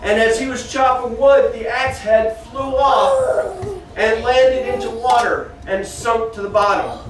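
A man teaching a Bible lesson to children in a church classroom, telling the story with animation and pausing to correct the kids. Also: very high voice, a bit bright, a little hiss or hum. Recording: very echoey room from far off.

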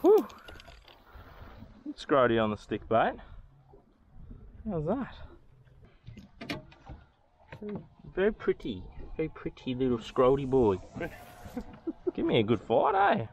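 A man's voice: on the high side, wildly swooping pitch, takes it slowly, gravelly, long pauses, darkish tone, muffled recording. An Australian man vlogging while fishing on a boat, exclaiming and joking in playful slang. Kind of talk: excited fishing banter. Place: outdoors on a boat at sea. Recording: noisy outdoor boat audio.

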